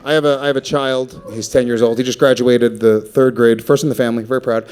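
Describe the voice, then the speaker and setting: A man's voice: medium pitch, steady tone, fast talker, noisy background. A man in his thirties doing a brash, profane stand-up comedy set with crowd work on a stage mic. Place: comedy stage before a live audience. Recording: live crowd laughter.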